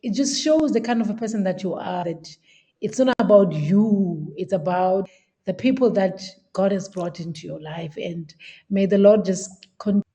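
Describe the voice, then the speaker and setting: A woman team leader interviewing her coach over a video call, earnest and halting with many fillers. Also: medium pitch, mellow. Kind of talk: heartfelt interview talk.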